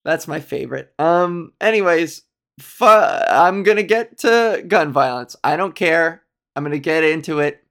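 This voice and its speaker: A woman's voice: low-pitched, animated, unhurried, a bit bright. A woman hosting a solo podcast, chatting casually in a rambling, jokey way, full of ums and self-corrections. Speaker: podcast host.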